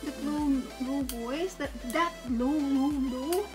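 A woman's voice: high-pitched, slow. A woman co-hosting a reaction video, talking in a casual, gushing way with lots of repeats and "like" fillers. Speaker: co-host of a reaction channel. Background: beatbox music playing.

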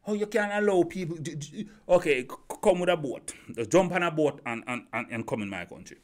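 A man's voice: a little high, lively intonation, brisk. A man giving an opinion monologue as a YouTube commentator, firing rhetorical questions, repeating himself and stumbling over restarts.

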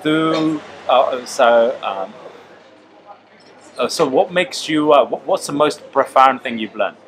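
A man's voice: mid-range voice, animated, slow pace, a little hiss or hum, low-quality recording. A man interviewing a comedian, asking questions casually with frequent hesitations and laughs.

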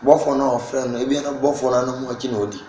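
A man speaking as an interview guest at an ordinary pitch. He pushes his points hard, his voice climbing and getting louder. The room is echoey, with a faint noise underneath. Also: fast. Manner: emphatic, rising and loud when making points. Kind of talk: casual interview in Twi.

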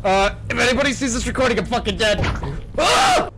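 A man's voice: very high-pitched, racing. A young man in co-op game chat, talking dramatically. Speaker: gamer. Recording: voice chat over clear noise.

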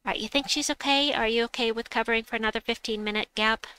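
A woman's voice: on the high side, fairly even intonation, fast talker, bright, forceful tone, smooth. A woman hosting a casual gaming livestream, chatty and playful, reading chat aloud and making silly noises. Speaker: livestream host.

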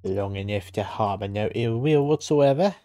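A man's voice: fairly low pitch, moderate pace, warm tone, no room sound, pitched below the performer's own voice, lightly acted. A man voicing a prim, defensive nanny in a video game with a put-on accent and curt replies. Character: prim, evasive woman nanny, snippy and suspicious.

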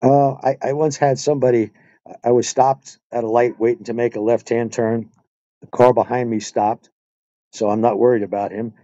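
An older man, a retired motor officer, telling riding stories in a relaxed, easygoing way as a live stream guest. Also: mid-range voice, moderate pace, no room sound, muffled recording. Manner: relaxed storyteller, acts out voices in his anecdotes. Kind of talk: live stream interview, storytelling.

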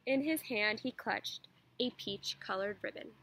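A teacher reading a children's picture book aloud in a steady, expressive storytelling manner. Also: female voice, mid-range voice, measured pace, breathy edge, rough recording.

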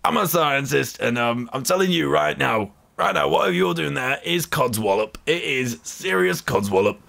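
Brash cynical scientist guy, a man doing the voice, higher and louder, gravelly, mocking rant. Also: expressive, normal speed. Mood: scoffing. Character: cynical blustering male scientist, scoffing and brash.

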